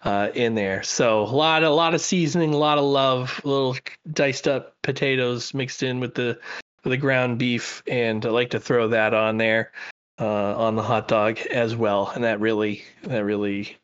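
A man's voice: mid-range voice, fairly even intonation, normal speed, fairly bright tone, smooth, highs cut off. A man co-hosting a podcast, chatting casually and enthusiastically with lots of fillers and restarts. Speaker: podcast co-host.

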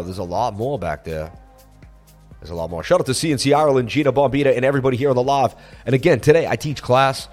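A man hosting a crypto livestream, chatting casually and reading viewer messages in a relaxed, rambling way with lots of fillers. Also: medium pitch, fast, soft background music. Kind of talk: casual livestream chat reading super chats. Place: on vacation in Florida.

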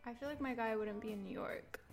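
A woman's voice: a little high, a little fast, over music. A young woman co-hosting a podcast, chatting playfully with her friend, asking questions and laughing often. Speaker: podcast co-host. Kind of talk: casual chat between friends.

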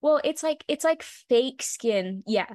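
A woman's voice: high-pitched, expressive, slow, a little mellow, no echo, studio quality. A young woman co-hosting a podcast, retelling a story in casual chat, full of "like" fillers and the odd swear word. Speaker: podcast co-host.

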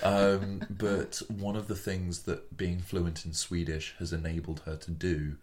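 A man's voice: deep voice, flat delivery, a little slow, darkish tone. A young adult man co-hosting a film podcast in a friend's home, teasing dryly and often stumbling into restarts. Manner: dry teasing, hesitant with stammered restarts. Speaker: podcast co-host. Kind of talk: casual film-review chat. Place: friend's bedroom.

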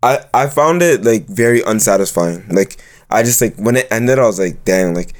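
A man's voice: on the low side, lively intonation, normal speed. Laid-back young man, unimpressed. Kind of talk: casual chat.

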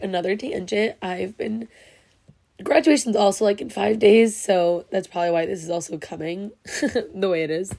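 A woman's voice: medium pitch, a little mellow. A young woman hosting her own podcast, crying happy tears as she gushes her thanks with lots of fillers and restarts. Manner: tearful, gushing, full of fillers. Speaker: podcast host. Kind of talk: emotional solo podcast talk.

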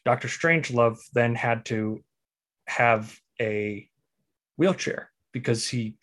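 A man at a mid pitch, co-hosting a podcast and talking casually about a film. He explains the plot at length to set up each clip. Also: slow, fairly bright tone. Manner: explains plot and sets up clips. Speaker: podcast co-host.

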